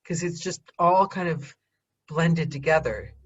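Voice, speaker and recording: An American woman hosting a casual call, talking quickly and laughing often. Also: deep voice, slightly rough, dull audio. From United States. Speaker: podcast host. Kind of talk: casual video-call chat.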